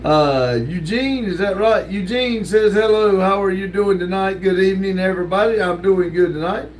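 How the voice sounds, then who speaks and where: A high-pitched older man at a moderate pace hosts a relaxed livestream, reading chat messages aloud in an easygoing drawl between frequent laughs. Some hiss or hum can be heard, and the setting is a home room with a sticker wall.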